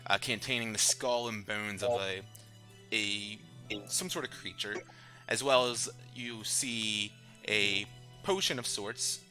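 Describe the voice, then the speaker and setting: A man narrating a tabletop role-playing game as dungeon master, describing scenes in a relaxed way with fillers. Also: fairly low pitch, slow pace, over music. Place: home streaming setup.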